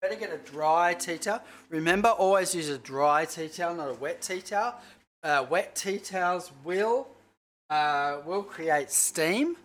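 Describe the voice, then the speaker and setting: Chef host, casual livestream cooking chat, rambling, a bit sweary, middle-pitched voice. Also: expressive, measured pace, a bit bright. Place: home kitchen.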